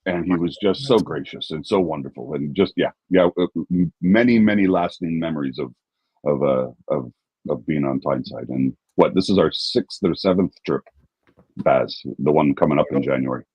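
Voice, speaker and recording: A man from California telling a fan story in casual chat, halting and repeating words. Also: rumbling low, darkish tone, husky, dry recording, rough recording. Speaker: guest fan.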